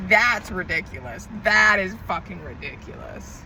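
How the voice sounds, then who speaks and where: A woman's voice: medium pitch, moderate pace, noisy background. A woman tarot reader in an emotional diary-style monologue, venting with frequent swearing and emphatic repetition.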